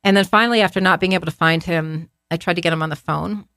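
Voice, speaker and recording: A woman speaks as a podcast guest, recounting events candidly in a somewhat low voice and often restarting as she searches for words. The sound is close and dry, with no room echo. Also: fairly even intonation, quick pace, fairly bright tone. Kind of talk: casual interview conversation.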